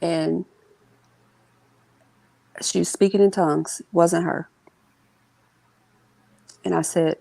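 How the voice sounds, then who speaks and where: A woman with a low, gravelly voice tells a painful family story as an interview guest. She speaks earnestly, pausing and restarting, and sometimes breaks into the voices of the people she quotes. Her tone is dark and mellow, and the recording is close and dry. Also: steady tone, no echo, rough recording. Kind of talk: emotional personal storytelling.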